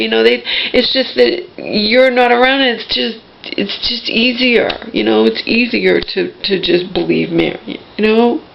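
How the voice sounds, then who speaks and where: A woman's voice: on the high side, steady tone, a little slow, creaky, dull audio. A woman venting in an emotional personal monologue, agitated and restarting her sentences often. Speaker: vlogger.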